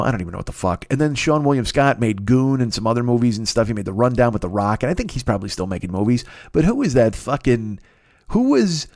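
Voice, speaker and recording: A man from the Chicago area hosting a podcast alone in his apartment, ranting in a profane, rambling, animated way. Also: medium pitch, no echo, studio quality. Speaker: podcast host. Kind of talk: solo comedic rant.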